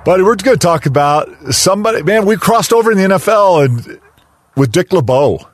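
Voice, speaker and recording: A man's voice: high voice, animated, a little fast, no echo. Man, enthusiastic former-player co-host, rambling chat, dry close sound. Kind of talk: casual sports chat.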